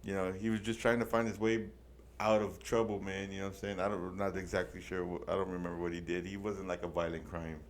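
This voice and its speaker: Low-voiced man telling a profane story. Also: level tone, quick pace, a little hiss or hum. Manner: profane slang-heavy storytelling, Spanish words mixed in. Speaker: podcast co-host. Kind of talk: casual storytelling chat.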